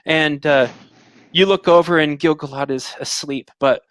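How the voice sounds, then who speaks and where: A man with a fairly high voice runs a tabletop game, narrating scenes in long, filler-laden stretches. The recording is dry and close, with almost no room sound. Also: steady tone, moderate pace, a bit bright, smooth, no echo. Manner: descriptive, filler-heavy narration. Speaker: game master.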